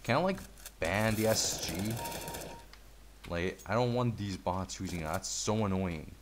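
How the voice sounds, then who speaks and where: A man's voice: deep voice, unhurried, background noise. A man giving casual gameplay commentary, laid-back and mumbly, trash-talking and swearing at the game.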